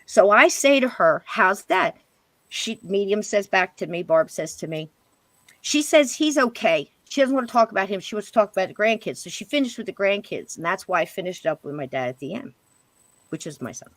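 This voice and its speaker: Middle-aged woman chatting away, animated storyteller, voice goes up when she quotes folks, dry close mic. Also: a little fast, dry recording. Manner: animated, jumps to higher pitch when quoting others. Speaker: podcast guest. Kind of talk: casual storytelling.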